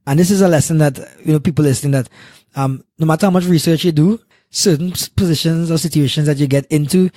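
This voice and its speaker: A man with a Trinidadian accent, a guest on a podcast, telling a story in a lively, casual way and acting out the people in it. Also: fairly high pitch, fast talker, no echo, clean studio sound. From Trinidad and Tobago. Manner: animated, acts out the people in his story. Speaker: guest, sports marketing executive.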